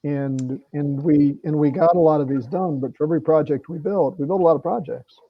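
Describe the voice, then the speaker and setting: A man's voice: a little high, brisk, no room sound. Middle-aged guy, earnest plain talk, lots of restarts, muffled lo-fi call audio. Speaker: congressman guest. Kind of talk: conversational talk at a virtual meeting.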